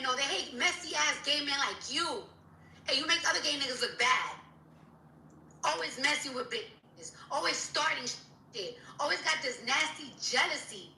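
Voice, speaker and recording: A woman's voice: high voice, sharp tone, echoey room, recorded from a distance, slight background noise, low-quality recording. A woman rapper in an angry, profane rant on social media, repeating herself as she scolds someone.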